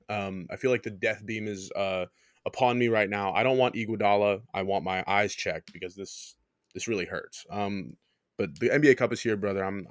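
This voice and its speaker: A man's voice: fairly low pitch, dry recording, studio quality. A young man co-hosting a sports podcast, rambling and joking with lots of ums. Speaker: podcast co-host. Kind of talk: casual sports podcast chat.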